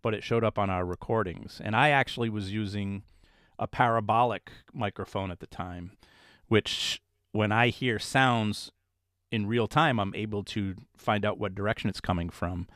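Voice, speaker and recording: A man with a low voice, interviewed as a paranormal investigator. He tells his stories casually and with animation, putting on the voices of the people he quotes. The recording is dry and close. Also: moderate pace, fairly bright tone, no echo.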